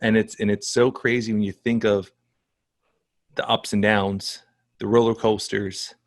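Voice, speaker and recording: Low-voiced man hosting a podcast. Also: level tone, unhurried, dry recording, clean studio sound. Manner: reflective, affirming. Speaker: podcast host. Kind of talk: conversational interview.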